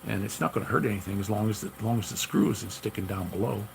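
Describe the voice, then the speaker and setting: Gravelly low-voiced man, rambling stories. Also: fast talker, a little mellow, a little hiss or hum, rough recording. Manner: rambling, repeats himself, many "you know"s. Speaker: gunsmith telling stories. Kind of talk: casual storytelling.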